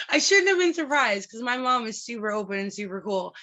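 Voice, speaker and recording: A fairly high-pitched woman in her thirties, heard through a muffled recording, guests on a podcast. She shares stories candidly and with lots of animation, swearing and laughing as she goes.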